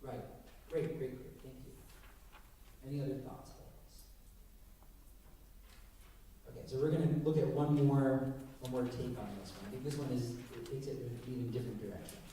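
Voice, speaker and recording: A man, a rabbi leading a text study with questions, animated and acting out quotes, recorded from a distance in a synagogue hall. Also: mid-range voice, a little fast, long pauses, slight background noise. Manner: animated, acts out quotes with rising voice. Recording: echoey room, recorded from a distance.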